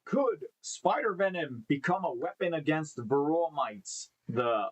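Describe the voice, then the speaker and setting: This live-stream host sounds a bit high-pitched and husky, animated yet unhurried, as he reads the news aloud in a room holding live beehives. He trips on names and pauses to muse aloud, all captured on a rough recording.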